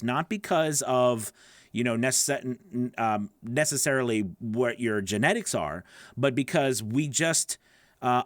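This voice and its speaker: Guy teaching voice acting, kinda nasal and gravelly, voice jumps up and down a lot, real dry close sound. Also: mid-range voice, no echo. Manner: loose, rambling, with restarts and checks like "okay? right?". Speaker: voice acting coach. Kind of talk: casual teaching to camera.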